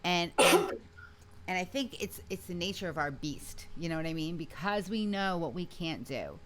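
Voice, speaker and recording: A woman guest in a casual interview, telling her story in an animated, emphatic way with frequent restarts. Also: fairly low pitch, normal speed, very noisy. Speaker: interview guest, singer and video creator.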